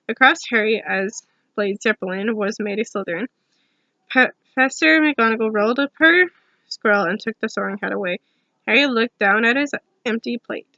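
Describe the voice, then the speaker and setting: A woman's voice: mid-range voice, pushed and bright, no echo, lo-fi sound. A woman giving an ASMR storybook reading, with casual asides between passages. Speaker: storybook reader.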